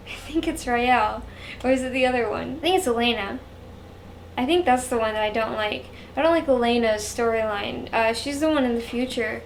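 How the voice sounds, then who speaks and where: A woman's voice: sits high, a little hiss or hum. A woman reviewing books in a casual vlog, rambling and frank and saying "like" often. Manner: rambling, frank, heavy use of "like". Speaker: book reviewer.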